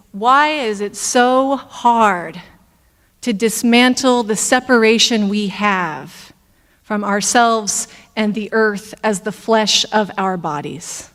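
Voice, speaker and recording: Brief: female intern minister, measured sermon delivery, unhurried, sanctuary reverb. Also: mid-range voice. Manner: slow, deliberate, reflective preaching with pauses. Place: church sanctuary.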